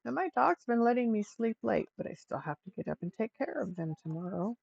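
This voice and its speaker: A woman's voice: a little high, big pitch swings, a little fast, gravelly, a little mellow, husky, no room sound. An older woman hosting a casual crafting livestream at home. She chats with her viewers and her pets as she works. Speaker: livestream host. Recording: dull lo-fi stream audio.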